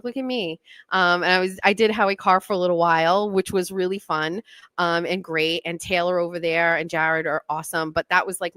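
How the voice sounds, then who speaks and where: A woman's voice: lowish voice, a bit bright, smooth, dry recording. A woman hosting a talk show, chatting in a rambling, self-deprecating way. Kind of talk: casual monologue.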